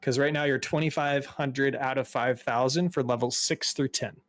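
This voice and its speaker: A man running a tabletop game as game master, explaining rules in a brisk, matter-of-fact way. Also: medium pitch, fairly even intonation, no room sound.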